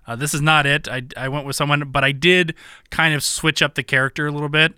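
A man's voice: on the high side, smooth, no room sound, clean studio sound. A man co-hosting a podcast, chatting casually about movie casting with frequent restarts. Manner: relaxed, halting, lots of restarts. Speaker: podcast co-host. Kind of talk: casual movie-recasting chat.

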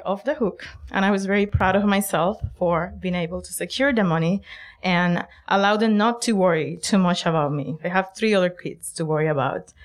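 Woman telling a lively personal story. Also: mid-range voice. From Puerto Rico. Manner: lively, emphatic, acts out quoted lines. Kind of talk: personal story told to an audience.

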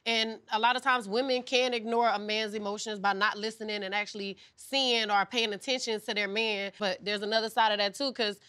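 A woman talking on a panel, animated and acting out what people say in casual chat. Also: mid-range voice, a little fast, hardly any pauses. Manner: animated, acts out quoted voices.

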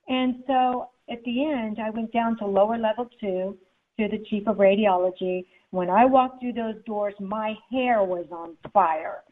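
Recounting a personal story in an interview, a woman guest author brings its characters to life in an animated way. Her voice sits at a medium pitch with a measured pace, heard through a tinny phone-like connection.

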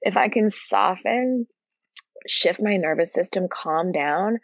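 A woman who teaches yoga and breathwork, talking as a guest in a casual interview in an open and earnest way, slowing down and speeding up for emphasis. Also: mid-range voice, vocal fry, no room sound.

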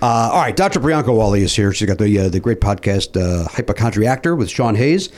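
A man's voice: on the low side, big pitch swings, a little fast, a little mellow. A man hosting a comedy podcast, joking and rambling with lots of fillers and asides. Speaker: podcast host. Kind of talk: comedic podcast banter and read ads.

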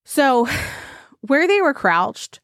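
Animated woman chatting, swearing freely. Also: sits high, drawn-out words, no room sound, clean studio sound. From Arizona. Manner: animated, swearing, laughing often. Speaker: podcast co-host. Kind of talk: casual chat. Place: home.

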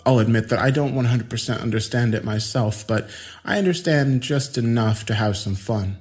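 A man's voice: mid-range voice, moderate pace, darkish tone, soft background music, lightly acted. A man voicing a giggly, unhinged young man in his mid-twenties who taunts and jokes casually. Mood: breezy. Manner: smirking, laughing, casual slangy taunts.

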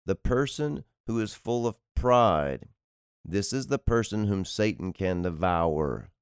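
Male podcast preacher, low-pitched and smooth, dry close sound, driving repetitive delivery. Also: expressive, takes it slowly, no echo. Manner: emphatic, repetitive preaching cadence. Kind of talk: sermon-style podcast teaching.

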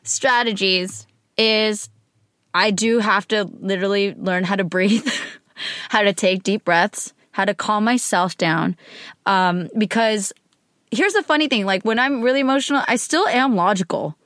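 A woman co-hosting a casual chat with her partner, candid and expressive, acting out her own outbursts as she talks. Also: medium pitch, a little slow, dry recording, studio quality. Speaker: podcast co-host talking with her partner.

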